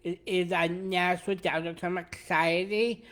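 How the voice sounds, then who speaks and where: Excited guy chatting with his dad, bright voice, lots of i love it energy. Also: high-pitched, measured pace. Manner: enthusiastic, short eager replies. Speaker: co-host, son. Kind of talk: casual chat.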